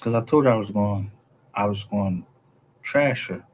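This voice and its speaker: A man's voice: fairly low pitch, normal speed, a little mellow, a little hiss or hum. A man giving a heated, profane, rambling commentary as a YouTube creator, often restarting his sentences.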